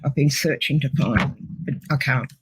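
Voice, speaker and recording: A woman's voice: a bass voice, moderate pace, slightly rough, poor audio. A middle-aged Australian woman with an Australian accent, earnestly telling her near-death experience as a guest. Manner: earnest, emotional storytelling. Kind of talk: personal testimony.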